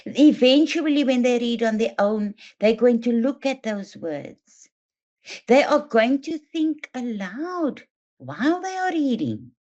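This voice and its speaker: A woman presenting a teacher training webinar, explaining and demonstrating read-aloud techniques in a deliberate, emphatic way. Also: on the high side, sing-song, darkish tone. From South Africa. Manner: slow, deliberate, emphatic delivery addressing teachers. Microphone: online webinar mic. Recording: dull lo-fi webinar audio.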